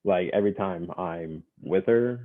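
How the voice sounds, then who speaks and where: A young man, a podcast guest, telling a story in a relaxed, casual way, full of fillers and quick laughs. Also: low voice. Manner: relaxed, laughs often, many fillers like "you know". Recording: tinny phone-like line.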